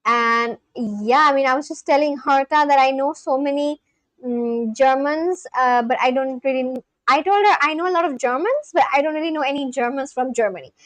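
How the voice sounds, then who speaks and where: Young woman streaming, high voice, chatty n laughy, super dry close sound. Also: moderate pace, fairly bright tone, no echo. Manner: chatty, laughs often, apologetic self-corrections. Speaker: livestream host. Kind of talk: casual chat reading live chat aloud.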